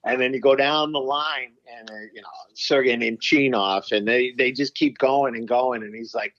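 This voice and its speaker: Middle-aged man, salty raconteur, animated storyteller, muffled dry recording. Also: medium pitch, normal speed, few pauses, dry recording. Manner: profane, animated, acts out quotes. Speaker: guest, former pro hockey player. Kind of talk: casual storytelling interview.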